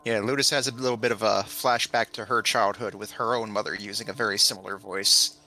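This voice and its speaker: Man with a sharp, bright voice. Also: on the low side, steady tone, a little fast, soft background music, low-quality recording. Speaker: player. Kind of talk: in-character tabletop play.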